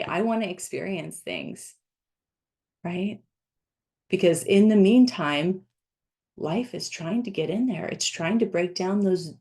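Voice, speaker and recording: A woman from Florida, a life coach, telling a personal story in a casual, animated way and breaking into excited laughs. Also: lowish voice.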